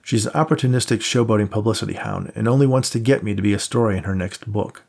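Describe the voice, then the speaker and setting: A man's voice: lowish voice, fast, gravelly, a little mellow, slightly rough. A man voicing a tired, injured man in an audiobook, talking in a dry, sarcastic way. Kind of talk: audiobook character voice.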